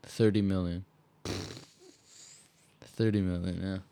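A young man talks in a loose, laid-back podcast chat. He is blunt and animated and swears a lot when he makes a point. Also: sits low, takes it slowly, smooth. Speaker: podcast co-host. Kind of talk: casual chat.

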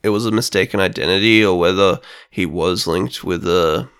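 A young man co-hosting a podcast, talking casually and thinking aloud with pauses. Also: low voice, fairly bright tone, clean tone. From Australia. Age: young adult. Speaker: podcast co-host. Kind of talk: casual chat.

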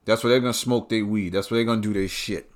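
A man's voice: on the low side, steady tone, fast. A man delivering a heated, profane and repetitive ranting monologue.

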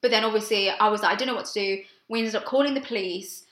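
Brief: young woman, podcast co-host, bright tone, roomy echo, candid storyteller. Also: medium pitch, quick pace. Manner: storytelling, swears freely, animated when excited. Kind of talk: casual chat.

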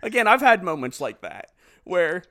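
Man, high pitch, dry close sound, animated casual storytelling, laughs a lot. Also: moderate pace, dry recording. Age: adult father. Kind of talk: casual chat retelling a movie.

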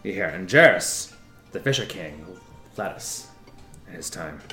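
A man narrating a tabletop game as game master, telling a character's backstory in a slow, drawn-out way with laughs and restarts. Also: deep voice, animated, sharp tone, echoey room, soft background music.

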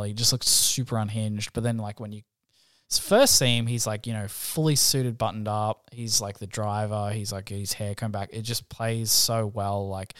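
A man co-hosting a podcast, telling scenes in casual chat, animated and full of fillers. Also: medium pitch, clean tone, no echo, studio quality. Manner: animated storyteller with many fillers. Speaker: podcast co-host.

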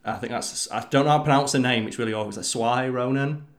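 A man's voice: mid-range voice, quick pace. A man in casual podcast chat, telling stories with enthusiasm and plenty of swearing.

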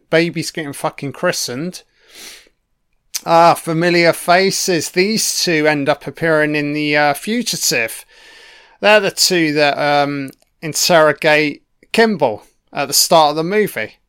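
Man, film commentary, swears constantly, slightly raised pitch, smooth clear voice, unhurried delivery. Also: a bit bright. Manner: heavy swearing, chatty reactions.

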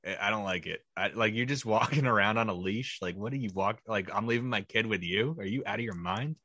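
A man's voice: on the low side, fairly quick, bright, forceful tone, no room sound. A young adult man co-hosting a comedy podcast, making wry observations and asking his co-host questions. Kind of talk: casual comedic chat. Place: New York area.

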